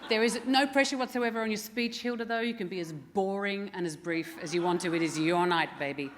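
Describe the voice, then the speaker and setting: A woman's voice: mid-range voice, fairly quick, slight background noise. A woman actress answering press questions in casual banter, wry and self-mocking, laughing often.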